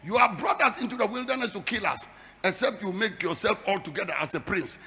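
A man preaching a fiery sermon, building his repeated phrases into shouted, sing-song climaxes. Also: high voice, expressive, fairly quick, faint music behind. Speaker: pastor. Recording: long hall reverb.

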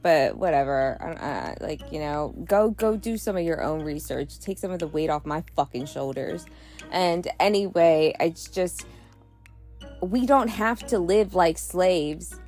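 A woman's voice: on the low side, expressive, unhurried, a little mellow, soft background music. A woman hosting a solo podcast monologue, ranting heatedly with lots of swearing and scattered, restarting thoughts. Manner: profane, rambling rant; heated and frustrated. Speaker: podcast host.

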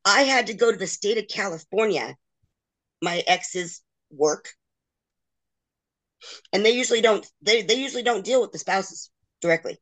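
A woman's voice: medium pitch, moderate pace, pauses often, a bit bright. Middle-aged woman guest, candid and emotional, acts out others' words as she tells her story. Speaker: interview guest.

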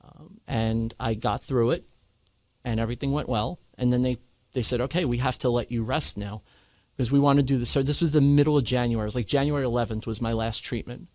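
A man candidly recounting a hard experience in conversation, earnest and animated when he quotes others. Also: mid-range voice, fairly quick, no room sound. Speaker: guest sharing his cancer story.

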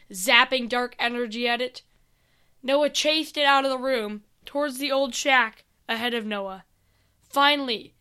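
A woman reading a fantasy adventure story aloud in a slow, even storybook manner. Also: high voice, clean tone.

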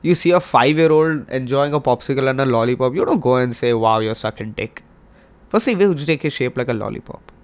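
Young guy hosting a podcast, gravelly voice, hyped and rambly, swears a lot. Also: medium pitch, brisk. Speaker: podcast host. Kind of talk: casual monologue.

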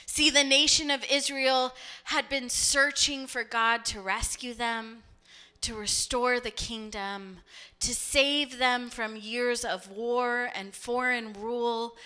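Slow, bright-voiced woman pastor preaching. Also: a little high, fairly even intonation, clear, resonant tone. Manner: storytelling, acts out voices. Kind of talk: sermon.

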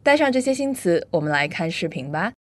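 A woman hosting a bilingual English lesson, upbeat, drilling words slowly and carefully. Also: on the low side, sing-song, a little hiss or hum. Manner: upbeat, switches between Chinese and English, slow careful pronunciation drills. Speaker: English teacher and host.

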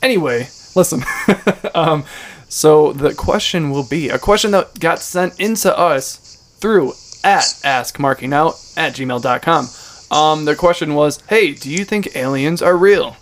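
A man's voice: on the high side, unhurried. A man hosting a casual podcast, joking and teasing his friends as he talks. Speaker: podcast host. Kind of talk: casual banter.

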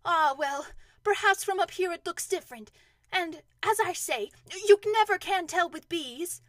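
Earnest slow-witted teddy bear as a woman reads him, high and bright, loud, dry close sound, storybook. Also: dry recording. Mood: eager. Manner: earnest and ponderous, with hesitant restarts. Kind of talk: storybook reading.

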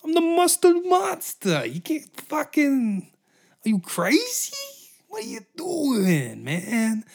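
A man's voice: wildly swooping pitch, slow pace, vocal fry, a little mellow, full character voice. A man voicing a hot-headed male mustard monster who shrieks threats and curses. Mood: aggressive. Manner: shrill, picking a fight, cursing.

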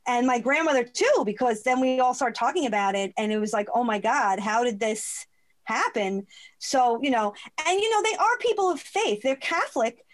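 A woman guest telling a personal spiritual story in an animated way, acting out the voices of the people in it. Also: sits high, brisk, hardly any pauses. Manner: animated, acts out quoted voices.

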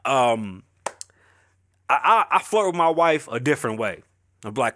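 A middle-aged man with a bright, forceful voice talks into a close, dry mic. He rambles candidly and emotionally, swearing freely as he opens up. His pitch sits in the middle of the male range. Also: animated, fairly quick, dry recording. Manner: emotional, profane, rambling, confessional. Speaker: podcast host. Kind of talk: candid personal talk.

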